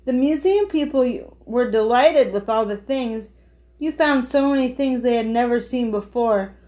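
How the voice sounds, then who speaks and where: A woman reads a children's chapter book aloud in a slightly high voice. She keeps the narration gentle and plain, giving each character only a light touch of a voice. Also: lively intonation, unhurried, poor audio. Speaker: storyteller.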